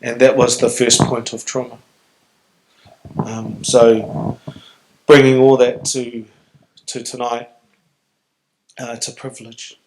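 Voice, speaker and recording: A man's voice: medium pitch, little pitch movement, slow, long pauses, a little mellow, a little hiss or hum, rough recording. A middle-aged man from New Zealand with a New Zealand accent, speaking earnestly and reflectively as a guest in a live stage Q&A. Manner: earnest, reflective, emotionally open. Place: on stage before an audience.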